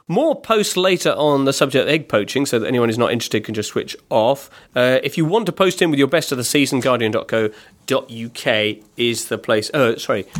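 A man hosting a casual football podcast, chatty and self-deprecating as he reads out listener posts. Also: medium pitch. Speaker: podcast host.

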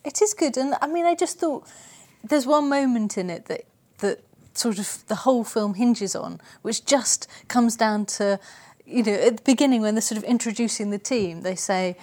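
A fairly high-voiced woman talks through a film in a casual review chat. She is chatty and laughs easily, often trailing off to restart her thought. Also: normal speed, darkish tone. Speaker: film critic guest.

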